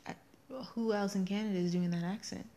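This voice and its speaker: A woman co-hosting a podcast, chatting casually with strong opinions and quick teasing. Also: medium pitch, steady tone, over a noisy crowd. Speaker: podcast co-host.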